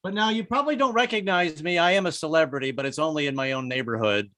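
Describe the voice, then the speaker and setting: A man's voice: fairly high pitch, fast, bright, forceful tone, slight background noise, poor audio. An older man doing stand-up comedy, wry and self-mocking, with stammering restarts.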